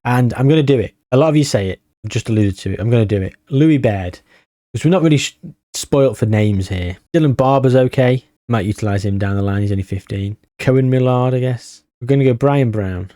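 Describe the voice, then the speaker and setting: Wry, chatty man, mellow voice. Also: medium pitch, a little fast, no room sound, studio quality. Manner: chatty, wry and sarcastic, thinking aloud. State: tired. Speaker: gaming YouTuber. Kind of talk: casual game commentary.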